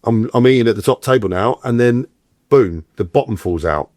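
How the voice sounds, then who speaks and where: A man's voice: mid-range voice, a little fast, no room sound, clean studio sound. A middle-aged man, an actor guest telling stories in a casual interview and acting out the voices he quotes. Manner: animated, acts out quoted voices.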